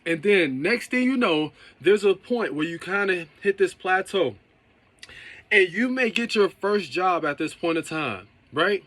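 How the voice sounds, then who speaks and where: A man's voice: sits high, animated, measured pace, fairly bright tone, no room sound. A man who runs a car detailing business, giving a casual motivational talk and often checking in with "okay?" and "right?".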